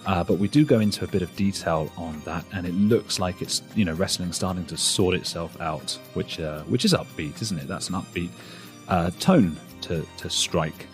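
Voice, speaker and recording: A man's voice: sits low, normal speed, faint music behind. A man hosting a podcast, giving a chatty, rambling solo introduction with self-deprecating asides. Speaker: podcast host.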